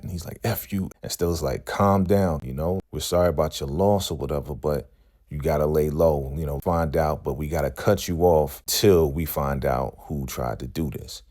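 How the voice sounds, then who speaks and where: A man casually recapping a TV episode, retelling scenes and acting out the characters' lines, often checking in with "right?". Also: a bass voice. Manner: relaxed storytelling, acts out characters' lines, frequent "right?". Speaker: recap show host.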